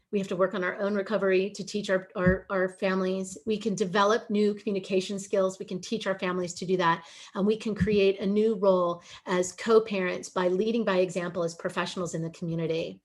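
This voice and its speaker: A middle-aged woman giving a webinar presentation over a video call, earnest and emotional, pleading at times. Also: mid-range voice.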